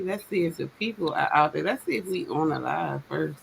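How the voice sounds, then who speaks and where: Woman, live-stream host, slangy and lively, lowish voice, faint background hum. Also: brisk, gravelly, rough recording. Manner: lively, slangy, laughs often. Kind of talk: casual live-stream chat.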